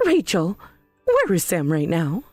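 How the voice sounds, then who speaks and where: A woman's voice: lowish voice, wildly swooping pitch, a little slow, darkish tone, no echo, soft background music, exaggerated voice. A woman voicing an indignant, defensive middle-aged mother in a text-message story drama. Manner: indignant, demanding.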